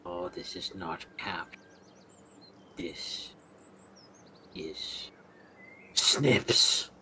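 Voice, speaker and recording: A creepy lurker, played by a man, hisses slow, low threats and names himself in the third person. His voice sits deep, with a faint hiss behind it. The delivery is deliberately menacing. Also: steady tone. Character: creepy sneaky creature lurking in the dark.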